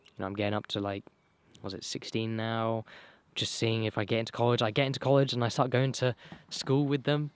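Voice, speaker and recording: A young man tells his own life story casually, rambling and swearing, with many fillers and restarts, his voice going hoarse. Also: medium pitch, little pitch movement, fairly quick, no echo. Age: young adult. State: losing his voice. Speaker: vlogger.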